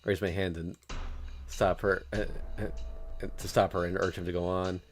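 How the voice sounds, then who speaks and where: A man's voice: low-pitched, flat delivery, a little slow, a little hiss or hum. A male streamer reading a visual novel aloud in first person, with casual joking asides.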